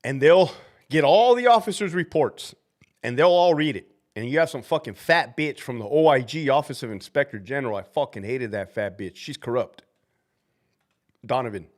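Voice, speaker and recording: A man's voice: medium pitch, normal speed. A man who used to be a prison officer, hosting a casual live stream and talking bluntly and profanely about use of force. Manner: profane, blunt, animated storytelling. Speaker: livestream host, former prison officer. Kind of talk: casual livestream chat.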